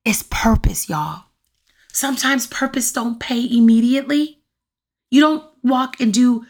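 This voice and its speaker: A middle-aged woman hosting her own podcast, talking to listeners in a lively, preachy way and calling out to them often, with a voice that turns raspy at times. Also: fairly high pitch, measured pace. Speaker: podcast host. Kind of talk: casual solo podcast monologue. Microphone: USB condenser mic.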